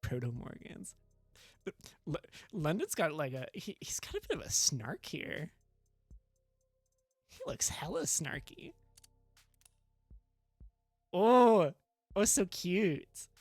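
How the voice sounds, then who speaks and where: Excitable woman streamer, very lively pitch. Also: a little slow, pauses often, breathy edge, dry recording, faint music behind. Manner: excitable, gushing, squeals and swears. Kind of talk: casual game stream commentary.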